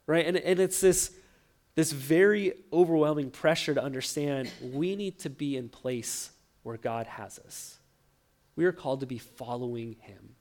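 Animated man preaching a sermon. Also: on the high side, a little slow. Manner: animated storytelling, acts out quoted lines, stammers restarts. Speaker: pastor.

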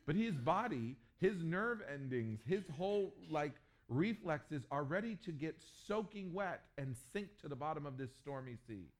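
A man preaching a sermon, telling stories with humor and jumping to loud, animated bursts. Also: fairly high pitch, moderate pace, few pauses. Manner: animated storytelling with jokes and sudden loud bursts. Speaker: pastor.

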